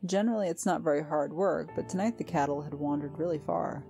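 A woman's voice: sits low, a little fast, vocal fry, warm tone, faint music behind. A woman voicing a cheerful, chatty young village boy in a storybook reading. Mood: eager.

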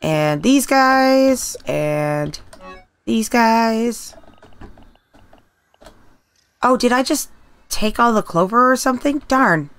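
A woman's voice: a little high, expressive, extremely slow, pauses often, a bit bright, clear, resonant tone, soft background music. A middle-aged woman with a Canadian accent, chatting casually with viewers while she streams a video game. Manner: rambling, chatty, talks to chat viewers. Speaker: let's play streamer. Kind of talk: casual live-stream gameplay chat.

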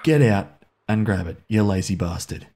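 Anxious horror-game commentary comes from a male gaming host who curses often, urges on and chides the characters, and jumps in pitch whenever something startles him. His voice is on the low side, expressive and dark-toned, at a normal speed.

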